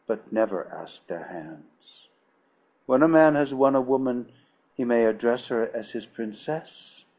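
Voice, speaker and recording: A man's voice: medium pitch, a little mellow, husky, muffled recording. A man reading as Dejah Thoris, sorrowful princess. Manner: formal, measured, old-fashioned speech. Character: sorrowful dignified Martian princess, a young woman. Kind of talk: audiobook reading.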